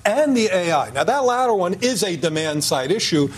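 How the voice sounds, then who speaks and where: A man speaking as an economist guest on a live TV panel, measured and halting with many fillers. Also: high-pitched, very animated, husky.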